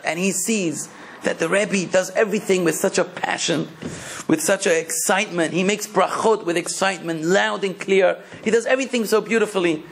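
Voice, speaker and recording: A man's voice: sits high, creaky, slightly rough. A man, a rabbi, giving a sermon in a passionate, emphatic preaching manner.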